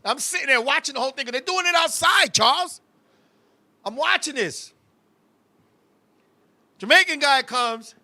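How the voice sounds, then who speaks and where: Very high, sharp-voiced comic male host. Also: dry recording. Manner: animated, profane storytelling, constantly addressing his co-host. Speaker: show host. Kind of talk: casual comedic chat.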